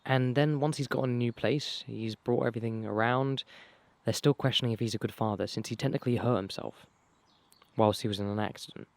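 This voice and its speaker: A young man tells his own life story casually, rambling and swearing, with many fillers and restarts, his voice going hoarse. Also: mid-range voice, brisk, no room sound. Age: young adult. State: losing his voice. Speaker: vlogger.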